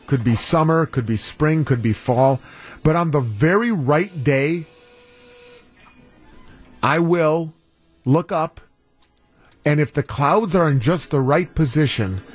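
A male radio talk show host chatting casually into a studio microphone, rambling off on tangents and reading listener texts. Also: on the high side.

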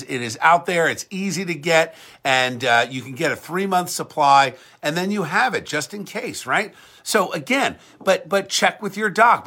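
Emphatic, lively-voiced male talk host. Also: on the high side. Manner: emphatic, combative, ranting; repeats words and restarts when heated. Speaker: podcast and show host. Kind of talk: talk-radio style monologue.

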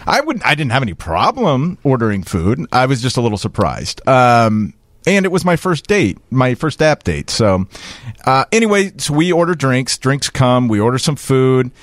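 A man hosts a relaxed podcast and spins a dating story, acting out each line of dialogue. His pitch swings widely as he tells it. He is recorded dry and close on the mic. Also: normal speed, no echo. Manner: animated, acts out dialogue in a lively storytelling voice. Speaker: podcast host. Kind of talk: casual storytelling chat.

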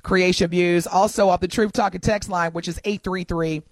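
A woman co-hosting a casual radio talk show, animated and quick to laugh as she reads listener messages aloud. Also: fairly low pitch, no echo. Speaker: radio co-host.

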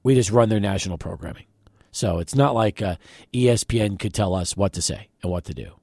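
Animated sports radio host, man. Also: on the low side, brisk, gravelly, breathy edge, dry recording, clean studio sound. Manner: animated, excitable. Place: radio studio. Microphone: studio microphone.

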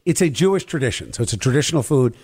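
A middle-aged man co-hosting a podcast in casual chat, animated and quick to laugh. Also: mid-range voice, husky. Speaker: podcast co-host.

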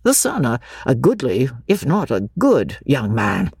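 A woman voicing a gossipy middle-aged clergyman with halting, chattering speech in an audiobook. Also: rumbling low, huge pitch swings, gravelly, darkish tone, slightly rough, no echo, studio quality, heavily acted. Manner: chattering, hesitant.

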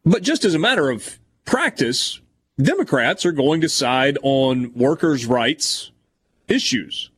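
A man's voice: mid-range voice, big pitch swings, slow, a bit bright, slightly rough. A man hosting a sports talk show who reads news passages aloud and then adds casual comments. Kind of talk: reading news and discussing on air.

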